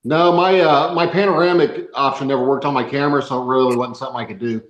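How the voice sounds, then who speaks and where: Deadpan man tossing in dry quips, roomy echo. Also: medium pitch, fast, lo-fi sound. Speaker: podcast co-host. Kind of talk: casual podcast banter.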